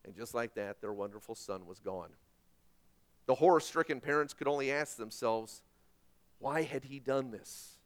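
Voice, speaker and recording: A man preaching a sermon, telling a story dramatically and swinging between loud and hushed. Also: medium pitch, normal speed.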